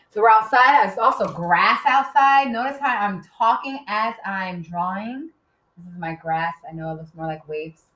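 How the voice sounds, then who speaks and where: Lively woman teaching children, echoey room. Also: mid-range voice. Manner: lively, sounding out letters slowly for young children. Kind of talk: classroom writing lesson.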